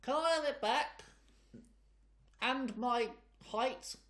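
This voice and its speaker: A man's voice: very high voice, slow, fairly bright tone, pitched above the performer's own voice, full character voice. A man voicing a tiny, cheeky one-armed male gnome in a tabletop role-play. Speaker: player voicing his character. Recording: roomy echo.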